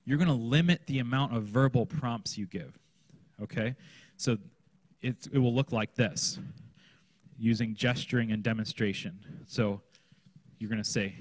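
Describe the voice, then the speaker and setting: A man's voice: medium pitch, a little slow, dry recording. Guy leading a church workshop, keeps asking "right?", dry close sound. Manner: conversational, often checks in with "right?". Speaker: children's pastor. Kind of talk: teaching a workshop session. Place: conference room.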